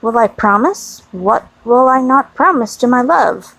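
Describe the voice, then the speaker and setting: A woman's voice: a little high, animated, a little slow, a bit bright, no echo, full character voice, poor audio. A woman reading the part of a kind, affectionate young husband, mild and a little puzzled.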